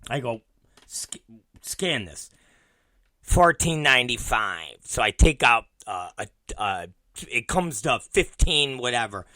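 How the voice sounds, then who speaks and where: A man's voice: medium pitch, sing-song, slow pace, long pauses, bright, forceful tone, no room sound. A middle-aged man hosting a podcast, telling a long profane family story and acting out every quote. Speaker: podcast host. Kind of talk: storytelling monologue.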